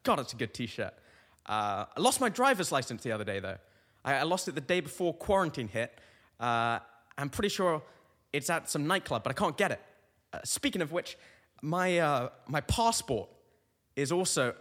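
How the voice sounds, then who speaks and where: A man's voice: on the high side, sing-song, moderate pace, fairly bright tone, in a large hall. A young man hosting a comedy podcast, telling meandering, self-mocking stories full of tangents. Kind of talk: rambling comic monologue.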